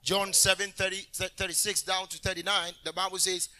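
A man minister preaching a sermon in an animated way, bursting into shouts and talking directly to the congregation. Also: high voice, normal speed.

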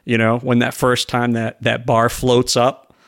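A man talks as a podcast guest with a gravelly, fry-edged voice. His speech rambles through plenty of fillers while he retells conversations in other people's words. The sound is close and dry. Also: mid-range voice, completely flat delivery, measured pace, dry recording. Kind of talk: casual conversation.

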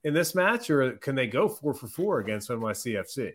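A man's voice: medium pitch, sing-song, fairly quick, fairly bright tone. A man hosting a casual sports podcast, easygoing, asking his co-host questions and laughing along.

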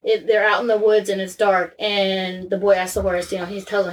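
A woman's voice: medium pitch, little pitch movement, a little fast. A woman in her thirties chatting openly and casually. Her talk wanders through restarts and frequent swearing, with a plain everyday voice. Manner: candid, rambling, frequent swearing. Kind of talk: casual chat.

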